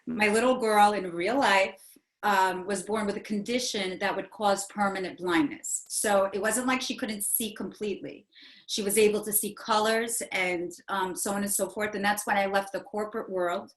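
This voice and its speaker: A woman's voice: mid-range voice, steady tone, normal speed. A woman in her forties, a guest in an interview, telling a personal story in an earnest, rambling way, with many fillers and restarts. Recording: echoey room.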